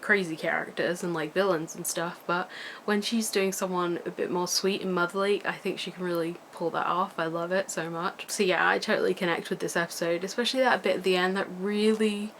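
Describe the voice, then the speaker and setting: A woman's voice: lowish voice, brisk, fairly bright tone, a little hiss or hum. Gushing young woman rambling to camera. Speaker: vlogger. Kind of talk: casual rambling vlog chat. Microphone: camera mic.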